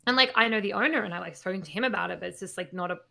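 A woman's voice: medium pitch, racing, creaky, bright, forceful tone. A woman in her thirties chatting casually on a podcast, blunt and sweary, with lots of fillers. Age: 30s. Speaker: podcast co-host.

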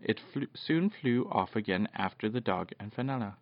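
A father reading a children's storybook aloud at bedtime, animated, with occasional slips and restarts. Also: on the low side, normal speed, no room sound. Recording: dull, dry lo-fi home recording.

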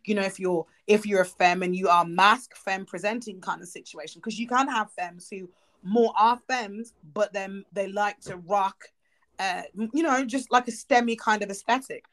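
A young British woman from the UK, co-hosting a casual chat, blunt and animated, laughing often. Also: mid-range voice, normal speed.

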